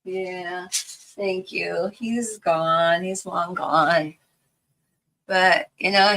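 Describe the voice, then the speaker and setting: Slow-spoken, bright-voiced older woman. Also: fairly low pitch, vocal fry, rough recording. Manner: rambling, chatty, quick to laugh. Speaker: craft vlogger. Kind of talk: casual storytelling while crafting.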